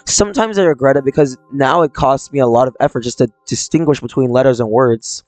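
Man voicing troubled young person, visual novel reading, quiet confessional delivery, faint game music behind. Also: mid-range voice, a little fast, no echo, close to an everyday voice. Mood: subdued. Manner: reading game lines aloud, subdued and confessional. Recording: dry close mic, faint game music.

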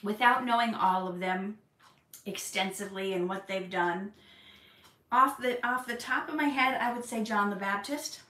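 Speaking at medium pitch and a moderate pace, this livestream host fields viewer questions in a casual chat that drifts toward earnest preaching, lively whenever she gets excited. Her mic sits far off, picking up roomy echo and a little hiss or hum.

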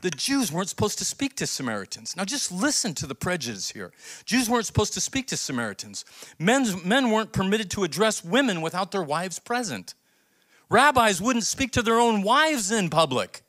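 A man pastor preaching a sermon, telling a story with acted-out quotes and building to emphatic, near-shouted points. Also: high-pitched, moderate pace. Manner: animated storytelling, acts out quoted voices.

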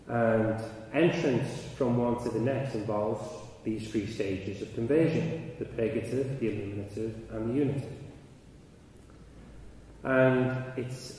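Man, conference talk, storytelling, long hall echo, distant mic. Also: mid-range voice. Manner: storytelling, rising and loud in anecdotes. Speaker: speaker. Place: large hall. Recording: echoey hall, mic from afar, noisy.

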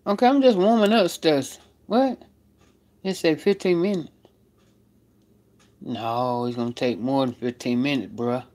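A woman's voice: extremely low pitch, unhurried, pauses often. A woman, chatting casually to her viewers as she films herself at home and out on the porch. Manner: chatty, animated, talks straight to the camera. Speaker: vlogger. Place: at home, then outdoors on the porch.

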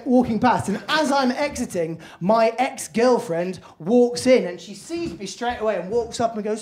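A young man performing a stand-up comedy set on a club stage, telling a story with lively acted-out voices. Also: high-pitched, moderate pace, few pauses.

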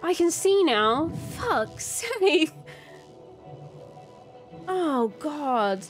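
A young woman game streamer with a high, lively voice talks very slowly, with long pauses, while playing a video game. Her casual let's-play commentary is full of expressive reactions, swearing, and laughter over game music.

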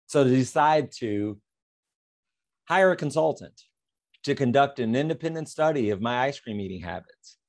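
A man presents a lesson through a playful, drawn-out story, voicing both sides of an imagined conversation. He leans on repetition for emphasis and keeps his delivery animated, with an ordinary mid-pitched voice. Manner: emphatic, repeats phrases. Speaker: presenter on fair housing. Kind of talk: illustrative talk with a story.

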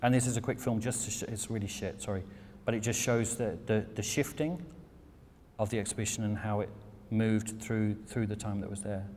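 A man's voice: lowish voice, little pitch movement, fairly quick, darkish tone. Irreverent British man in a big echoey hall. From England. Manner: candid and irreverent, swears casually. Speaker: silversmith giving a talk. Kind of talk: lecture talk with slides. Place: lecture hall. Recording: long hall reverb, faint noise.

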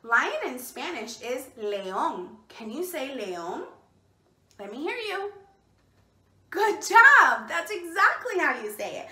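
Cheerful high-voiced woman reading to kids. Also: very animated, takes it slowly, sharp tone, echoey room. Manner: cheerful, encouraging, prompts children to repeat words. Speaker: children's storytime host. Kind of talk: bilingual children's storytime. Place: indoors, seated.

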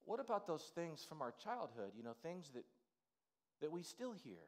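A man's voice: a little high, sing-song, normal speed. A male pastor delivering an informal, conversational sermon in a church sanctuary, full of "you know" asides.

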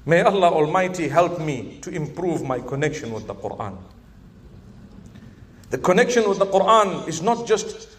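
A man preaching to a live audience at a large event, swinging from emphatic calls to soft, gentle advice and asking the crowd questions. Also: a little high. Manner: animated, rising to emphatic exhortation, then softening; asks the audience questions and jokes. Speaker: Islamic preacher.

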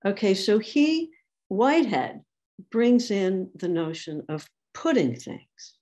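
A woman's voice: medium pitch, sing-song, slow, warm tone. A woman speaker at a medical education symposium, giving an academic lecture with wry asides as she quotes thinkers.

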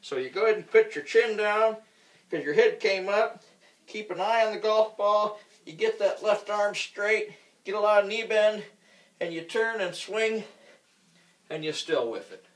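A man's voice: high-pitched, measured pace. Joking golf instructor man in an echoey room. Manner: casual and joking, acts out scenes while swinging. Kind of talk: instructional talk with demonstration. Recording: roomy sound from a distant mic.

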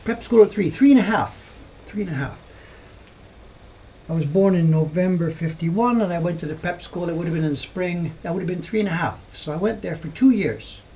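A man's voice: on the high side, fairly quick, warm tone, slight background noise, poor audio. A man in his seventies from England, chatting casually on a livestream, rambling through memories and answering viewer questions. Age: 70s. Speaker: livestream host. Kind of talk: casual storytelling chat.

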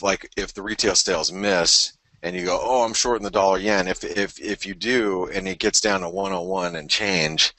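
A male trading show host with a low, pushed, bright voice rambles through market charts live, full of fillers and restarts. It's early morning and he sounds tired, yawning as he goes. The recording is rough and dry, with no room sound.

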